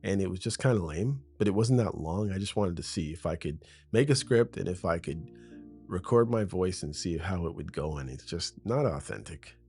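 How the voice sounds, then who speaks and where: Soft music plays behind a deep-voiced man who talks at a normal speed with a slightly mellow quality. He's a podcast host riffing casually off script, rambling like he's with his best friend. The setting is a home room facing a window, with a foam-covered studio mic.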